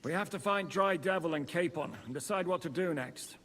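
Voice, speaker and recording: A man's voice: a little high, fairly quick, fairly bright tone, long reverb tail, lightly acted. A man voicing a blunt, cursing leader.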